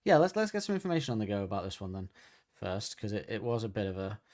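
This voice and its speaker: A man's voice: on the low side, very animated, quick pace. A man hosting a podcast in casual chat, rambling and joking, often breaking off mid-sentence. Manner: rambling, self-interrupting, jokey. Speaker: podcast host.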